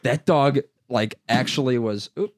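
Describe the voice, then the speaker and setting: A man in the middle of his pitch range rambles through a story for his podcast, packing his talk with fillers and quick impressions of the people in it. The sound is dry and close. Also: dry recording. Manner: rambling, heavy on fillers, mimics people he describes. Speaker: podcast host. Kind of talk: casual storytelling chat.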